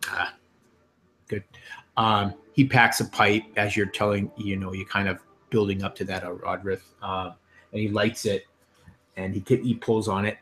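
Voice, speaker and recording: A man runs a tabletop game session with a fairly low voice. He narrates haltingly, pausing with frequent fillers as he describes the scene. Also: flat delivery, a bit bright, faint music behind. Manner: hesitant, many fillers. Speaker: game master.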